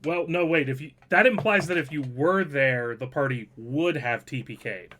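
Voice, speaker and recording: A man runs a tabletop game as game master, joking, rambling, and poking fun at himself over his notes in a casual game chat. His voice is on the high side, bright and forceful, at a moderate pace, with slight background noise.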